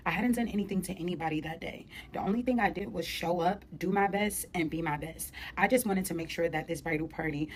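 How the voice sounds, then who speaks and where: Fast-talking woman telling a story. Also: fairly low pitch, a little hiss or hum. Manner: emotional retelling, casual slang. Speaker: commentary vlogger. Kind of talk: storytime vlog.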